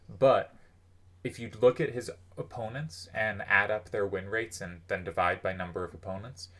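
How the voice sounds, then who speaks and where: Low voiced dude rambling about old card game players, loose and chatty with lots of ums. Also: male voice, bright, forceful tone. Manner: conversational, thinking aloud with many fillers. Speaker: host. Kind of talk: casual commentary on game history.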